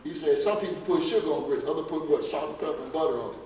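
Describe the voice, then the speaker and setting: A man's voice: fairly high pitch, very fast, darkish tone. A man giving a health lecture to a church audience, folksy and emphatic, firing off rhetorical questions at the crowd. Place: church hall. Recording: echoey hall recorded from far off.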